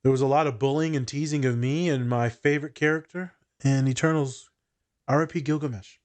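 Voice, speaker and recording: A man who co-hosts a podcast as a therapist, goofy and quick with silly quips. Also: mid-range voice, steady tone, darkish tone. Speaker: therapist co-host. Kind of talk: casual podcast banter.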